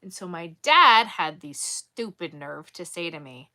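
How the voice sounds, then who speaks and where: A woman vlogger casually telling a story in an animated, exasperated way. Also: fairly low pitch, unhurried, few pauses. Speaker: crochet vlogger.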